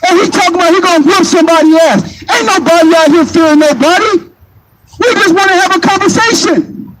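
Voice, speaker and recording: A man preaching on a city street, insistent and combative, repeating his points into a handheld phone. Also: very high voice. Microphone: handheld phone mic. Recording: phone recording with street traffic noise.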